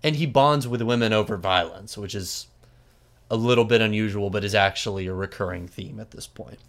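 A man host casually retelling a story, animated and chatty, with frequent asides and fillers. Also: on the low side, a little fast.

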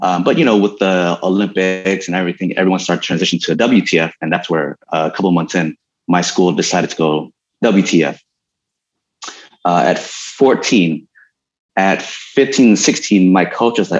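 A man being interviewed about his martial arts life, telling stories in a relaxed, rambling way with many fillers. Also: low voice, moderate pace, muffled recording. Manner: relaxed storytelling with many fillers and frequent laughs. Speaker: guest, stuntman and martial artist. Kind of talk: casual interview conversation.

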